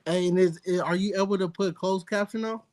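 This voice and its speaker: A man's voice: high voice, fairly even intonation, fairly quick, a little mellow. A man co-hosting a casual reaction show, commenting in a slangy, laid-back way. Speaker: co-host.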